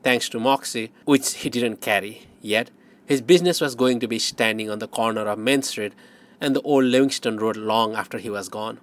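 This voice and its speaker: A man narrating an audiobook in first person, wry and measured. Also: lowish voice.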